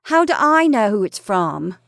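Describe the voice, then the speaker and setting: A woman's voice: mid-range voice, very animated, measured pace, creaky, no echo, clean studio sound, full character voice. A woman voicing a playful young wife who teases and sings her lines. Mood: teasing. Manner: sing-song, bright and exclaiming.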